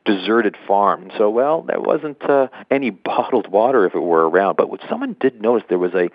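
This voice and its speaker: A man's voice: on the low side, expressive, normal speed, dry recording, narrow, tinny audio. A man coaching real estate investors on a group call, telling a folksy, earnest story with lots of repetition. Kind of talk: motivational storytelling talk on a call.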